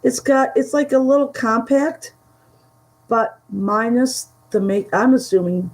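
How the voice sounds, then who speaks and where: A woman chatting casually through a vintage haul, halting and giggly, her voice starting to go from a dry throat. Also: a little high, darkish tone, low-quality recording. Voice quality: gravelly, slow and halting. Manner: chatty, giggly, trails off mid-sentence. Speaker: vintage reseller showing a haul. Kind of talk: casual chat to a live audience.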